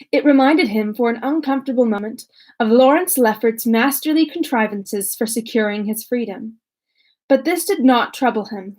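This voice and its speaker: A woman's voice: fairly high pitch, darkish tone. A young woman who chats casually and self-mockingly with many fillers, then reads a classic novel aloud. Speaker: audiobook reader.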